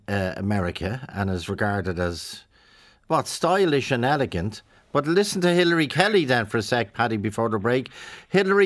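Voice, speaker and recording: A man hosting a radio phone-in, cutting in with questions and steering callers. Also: mid-range voice.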